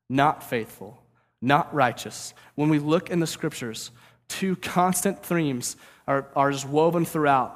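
A preacher from St. Louis giving an energetic, conversational sermon, often checking in with "right?". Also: male voice, on the high side, big-room sound. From St. Louis, USA.

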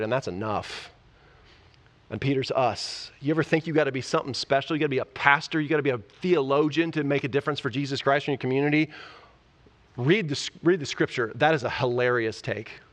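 A pastor preaching a sermon, enthusiastic and conversational, often asking the audience rhetorical questions. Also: male voice, on the high side, fairly bright tone. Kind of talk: sermon, Bible teaching.

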